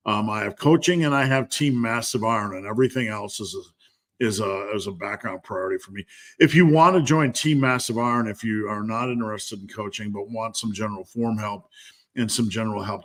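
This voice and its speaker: A man's voice: fairly low pitch, moderate pace, a bit bright. A man hosting a live stream Q&A as a strength coach, talking candidly and bluntly with lots of fillers.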